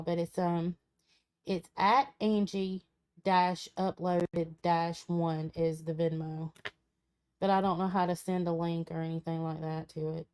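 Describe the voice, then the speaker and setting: A woman's voice: fairly low pitch, darkish tone, clean tone. A woman, a tarot reader chatting casually on a live stream, her voice cracking in and out. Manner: chatty, reads viewer comments aloud, folksy.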